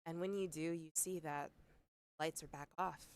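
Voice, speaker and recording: A woman as game master, narrating scenes in a tabletop game with slow, measured delivery. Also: low-pitched, fairly even intonation, clear, resonant tone.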